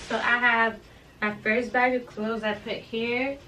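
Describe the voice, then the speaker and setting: A woman's voice: fairly high pitch, level tone, a little slow, noisy background. Chatty young woman vlogging from her bedroom. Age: young adult. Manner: chatty and rambling, addresses viewers as y'all. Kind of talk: casual vlog chat.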